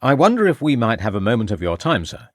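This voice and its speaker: Speaking fast in a mid-range, sing-song voice, a man performs a probing, sharp police inspector for a crime audiobook. His questioning is formal, precise and insistent. The sound is clean studio audio without echo.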